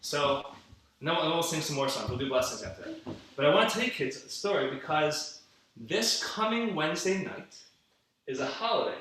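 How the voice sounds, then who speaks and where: An adult leading a children's Shabbat livestream, talking in a playful, animated way and telling a story between songs on guitar. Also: mid-range voice, normal speed, slight background noise. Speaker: children's Shabbat song leader. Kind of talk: singing and storytelling for kids on a livestream. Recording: echoey room, distant mic, loud guitar.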